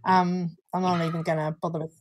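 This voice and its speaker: A woman's voice: lowish voice, level tone, fairly quick, rough recording. A young woman with a New Zealand accent, co-hosting a casual live-stream review in a chatty, easygoing way. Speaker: co-host reviewing vape juice.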